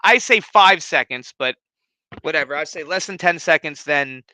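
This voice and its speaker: Man, podcast host, cursing, rambling storyteller, bright voice, dry close sound. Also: a little high, animated, normal speed, no room sound, low-quality recording. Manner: profane, rambling, full of fillers like "like". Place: his living room at home. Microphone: streaming setup.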